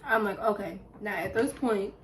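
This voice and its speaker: A young woman vlogger, telling a story in a casual, animated way while eating on camera. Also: mid-range voice, moderate pace, a little hiss or hum, rough recording. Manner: lively, animated retelling with acted quotes. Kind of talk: casual storytelling during a mukbang.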